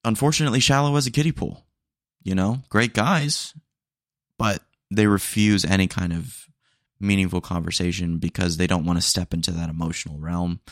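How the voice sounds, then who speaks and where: A man's voice: deep voice, fairly even intonation, moderate pace, no echo, clean studio sound. A young man hosting a solo podcast, talking in a candid, rambling way with casual slang and small jokes. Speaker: podcast host.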